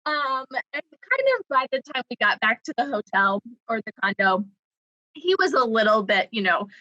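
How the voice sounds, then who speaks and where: Bright, chatty young woman telling a story. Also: on the high side, very animated, normal speed, no echo, highs cut off. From Southern US. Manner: chatty, lots of "like", laughs while telling. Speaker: creative writing coordinator. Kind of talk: casual storytelling.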